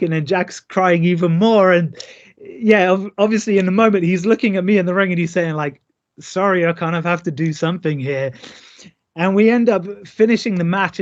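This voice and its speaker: A man in his thirties, a pro wrestler, telling stories in a remote interview and acting out the lines he quotes. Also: sits high. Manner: lively, acts out quoted lines. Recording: dull lo-fi call audio.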